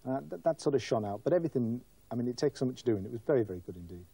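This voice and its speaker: A man's voice: mid-range voice, expressive, very fast, warm tone, husky, no echo. A man serving as guest judge on a cooking contest, giving hesitant opinions with many restarts. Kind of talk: casual judging chat.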